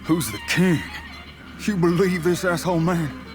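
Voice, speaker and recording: An actor voicing a rude, bossy street gang enforcer in a video game. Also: male voice, sits high, steady tone, unhurried, faint music behind. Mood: brash. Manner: brash, swearing.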